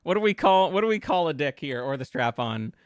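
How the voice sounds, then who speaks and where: A man's voice: on the high side, sing-song, fairly quick, clear, resonant tone, dry recording, studio quality. A man streaming as a VTuber, chatting casually with his viewers, giggling often and stammering through restarts as he brainstorms song lyrics. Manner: giggly, playful, riffs with chat on lyrics. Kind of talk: casual live-stream chat.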